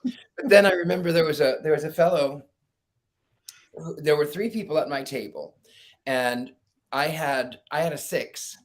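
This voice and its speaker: A man's voice: a little high, moderate pace, pauses often. A middle-aged man, a psychic guest in an interview, telling stories with animation and acting out quoted lines, laughing often. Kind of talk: casual storytelling interview.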